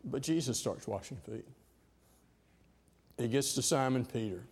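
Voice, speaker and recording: A man's voice: mid-range voice, lively intonation, unhurried, darkish tone, slightly rough. A man preaching a sermon, telling the story conversationally with hesitant fillers.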